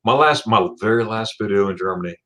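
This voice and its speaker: A man's voice: lowish voice, quick pace, a bit bright. A man hosting a casual livestream, chatting with a guest and reading viewer comments aloud, with frequent restarts. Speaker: livestream host.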